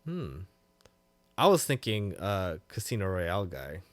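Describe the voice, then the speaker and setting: Recorded with clean studio sound and no room sound, a male podcast co-host speaks in a low voice at a measured pace. His casual chat is animated, full of swearing and loud bursts of laughter.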